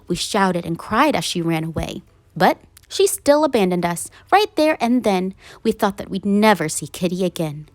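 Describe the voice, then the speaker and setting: A woman reading a rhyming children's picture book aloud in an animated, singsong way. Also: mid-range voice, normal speed, dry recording. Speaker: read-aloud narrator.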